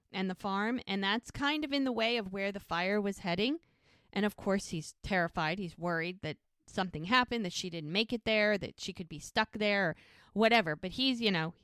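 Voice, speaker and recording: A woman co-hosting a podcast, casually retelling scenes of a TV episode in an animated way and acting out the characters' lines. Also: mid-range voice, clear, resonant tone, dry recording, studio quality. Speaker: podcast co-host recapping a TV show. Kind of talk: casual recap storytelling.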